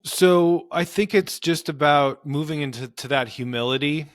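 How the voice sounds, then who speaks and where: A man's voice: a little high, normal speed, no room sound, clean studio sound. A man, a marriage and family therapist, explaining in earnest conversational interview advice with frequent fillers. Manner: earnest, explanatory, many "you know" fillers.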